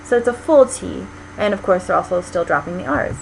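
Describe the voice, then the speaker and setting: Give me an American woman in a mid-range voice, explaining a lesson patiently with frequent pauses and ums, over a faint hiss. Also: mid-range voice, lively intonation, vocal fry, rough recording. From United States. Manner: explanatory, many ums and restarts. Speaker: linguistics lecturer. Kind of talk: lecture.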